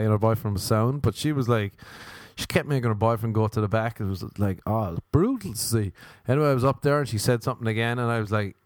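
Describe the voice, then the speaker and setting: Comedian telling a profane story. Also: male voice, fairly low pitch, fast, a little mellow, dry recording. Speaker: stand-up comedian and podcast host. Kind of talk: comedic podcast monologue.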